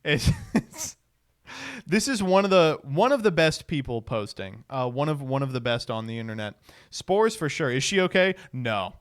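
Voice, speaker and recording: A man's voice: medium pitch, sing-song, moderate pace, smooth. A man hosting a stream, casually commenting on clips with a sarcastic tone, frequent laughter and free swearing. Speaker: streamer host.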